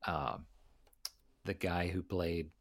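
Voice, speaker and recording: A man in his forties in a relaxed chat, asking questions and trailing off now and then. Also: low-pitched, takes it slowly. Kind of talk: casual chat.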